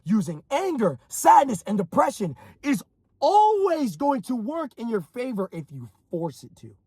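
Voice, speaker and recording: A young man giving a blunt, intense motivational monologue, swinging from mocking mimicry to shouting. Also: very high-pitched, wildly swooping pitch, measured pace, slightly rough, no echo. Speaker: motivational speaker.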